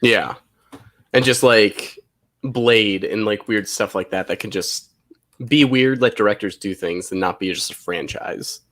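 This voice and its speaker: A man's voice: on the low side, measured pace, a bit bright. A man hosting a casual movie watch-along stream, laid-back and rambling, full of "like.". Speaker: podcast host.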